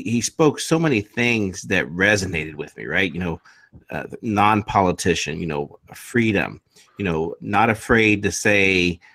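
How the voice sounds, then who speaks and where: A man's voice: low voice, a bit bright, dry recording. A male podcast guest talking earnestly in casual political chat, with frequent verbal fillers. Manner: earnest, lots of "you know" fillers.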